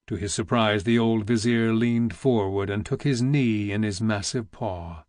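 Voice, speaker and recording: Man reading a novel audiobook, lowish voice, steady and measured, dry close mic. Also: dry recording. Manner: measured, even storytelling. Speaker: audiobook narrator. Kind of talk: scripted narration.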